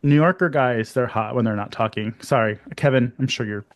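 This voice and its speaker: A man's voice: medium pitch, a little fast. A man co-hosting a horror podcast, chatting casually and telling stories with jokes. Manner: chatty, jokey, animated storytelling with laughs. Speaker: podcast co-host.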